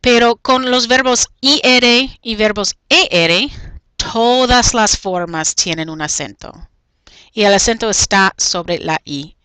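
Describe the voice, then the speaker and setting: A woman's voice: fairly high pitch, a little slow, bright, forceful tone, clean tone, dry recording, poor audio. A woman teacher talking through a recorded video lesson, saying each point in Spanish and then again in English.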